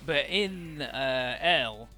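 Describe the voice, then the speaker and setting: Let's-play host, man, rambling and profane, bright tone, faint game music. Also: medium pitch, expressive, extremely slow. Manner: rambling, profane, loose summarizing. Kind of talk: casual game commentary.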